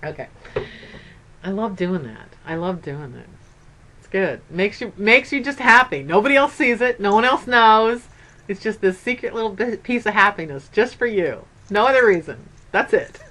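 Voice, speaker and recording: A woman's voice: mid-range voice, expressive, moderate pace, pushed and bright. An older woman and grandmother chatting casually in a craft vlog, upbeat and rambling. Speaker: craft vlogger.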